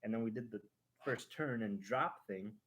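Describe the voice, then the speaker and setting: Male stream host, lowish voice, casual rambling storyteller who acts things out. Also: normal speed. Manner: animated, acting out a ride with sound effects; rambling, with restarts and fillers.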